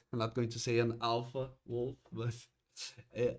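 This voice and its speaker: A man running a tabletop game as game master, narrating in a halting way with frequent restarts. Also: mid-range voice, monotone.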